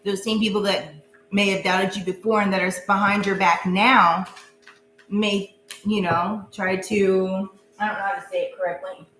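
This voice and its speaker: A woman's voice: mid-range voice, steady tone, moderate pace, fairly bright tone. A woman giving a casual live tarot reading, chatty and goofy, laughing often. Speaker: tarot reader. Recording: echoey room with faint hum.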